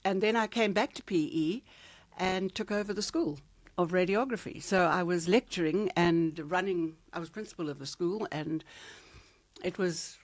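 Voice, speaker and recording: An older woman from South Africa's Eastern Cape, a veteran radio presenter, telling stories from her life in a relaxed interview. She speaks with a polished, theatrical delivery and laughs often. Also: on the low side, normal speed. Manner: warm storyteller who laughs often. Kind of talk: reminiscing interview chat.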